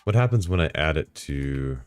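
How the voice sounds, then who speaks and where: A man live-streaming, talking casually to himself and his chat while setting up software, swearing and bursting into excited outbursts. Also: a bass voice, moderate pace, clear, resonant tone, dry recording, soft background music.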